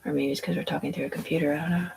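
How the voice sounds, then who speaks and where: A woman's voice: sits low, steady tone, racing, gravelly, darkish tone, slight background noise, rough recording. A woman telling a rambling story in casual chat, profane and meandering, full of fillers and restarts. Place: indoors at home.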